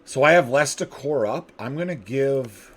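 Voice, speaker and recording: A man's voice: medium pitch, moderate pace. A man hosting a strategy game video, casually thinking aloud, chuckling and talking to himself as he plays. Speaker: gaming video host.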